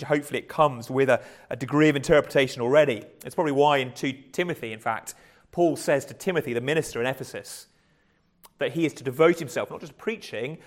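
A man preaching a conversational sermon, often restarting words and chuckling lightly. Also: mid-range voice.

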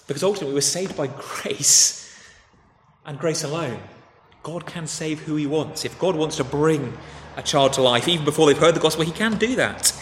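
Male preacher, chatty sermon delivery, recorded in a reverberant church hall with faint background noise. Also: on the high side. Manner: conversational, animated retelling with frequent restarts.

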